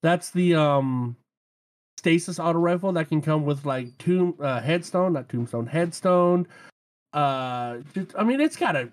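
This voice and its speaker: A man's voice: a little high, lively intonation, a little slow. A man hosting a casual gaming podcast, easygoing, laughing often and stumbling over odd weapon names. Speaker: podcast host.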